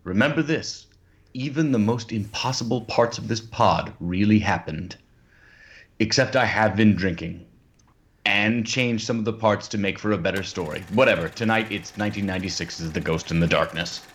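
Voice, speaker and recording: A man's voice: lowish voice, normal speed, fairly bright tone. A man hosting a podcast in casual chat, playful and theatrical in his introductions. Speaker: podcast host. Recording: dull lo-fi podcast audio.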